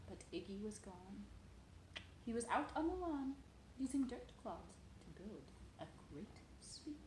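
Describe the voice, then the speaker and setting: A woman's voice: mid-range voice, big pitch swings, a little slow, a little mellow, reverberant, a little hiss or hum, low-quality recording. A woman reading a children's picture book aloud at home, sing-song and playful, talking to a toddler between pages.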